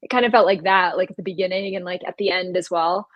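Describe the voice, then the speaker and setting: A woman's voice: on the low side, steady tone, quick pace, dull audio. A woman co-hosting a podcast, chatting casually about a TV episode, giggling and hedging often. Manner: giggly, hedging, lots of "like" and laughs. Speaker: podcast co-host. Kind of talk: casual pop-culture chat.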